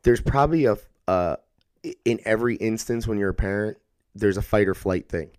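A man's voice: lowish voice, a little fast, dry recording, studio quality. A man in his thirties in casual podcast chat, rambling and swearing freely, and sometimes acting out what kids would say. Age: 30s. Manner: rambling, animated, swears freely, acts out kids' voices.

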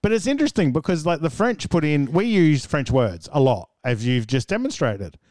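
A man's voice: a little high, sing-song, normal speed, darkish tone, dry recording. An Australian man co-hosting a podcast, chatting casually, laughing often and trailing off mid-sentence. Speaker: podcast co-host. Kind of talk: casual chat.

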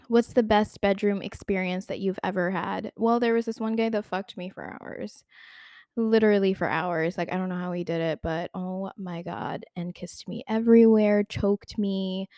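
Young woman, candid vlog chat, filler-heavy, giggly, medium pitch, dry close recording. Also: mellow, no room sound. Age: young adult. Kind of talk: candid casual Q&A monologue.

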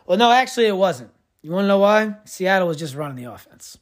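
A man's voice: sits high, very animated, fast talker. A man hosting a sports podcast, ranting in a sarcastic, profane, rambling way. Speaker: podcast host. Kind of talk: casual sports podcast rant.

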